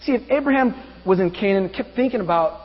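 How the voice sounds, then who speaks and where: A pastor preaching a sermon, asking the congregation rhetorical questions. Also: male voice, high-pitched, expressive, fast talker. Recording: dull reverberant room with mains hum.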